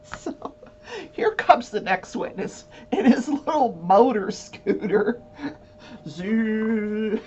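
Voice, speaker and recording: A woman's voice: fairly high pitch, expressive, slow pace, darkish tone. A woman hosting a casual talk show, telling a long story with many fillers and frequent laughter. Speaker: host. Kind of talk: casual chat. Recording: dull lo-fi with faint hum.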